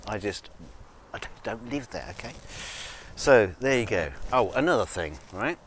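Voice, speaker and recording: A man's voice: on the low side, animated, normal speed, slight background noise. A drunk man with an English accent, rambling in a casual monologue with many fillers, restarts and swearing. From England, of Scottish family. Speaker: guitar video maker.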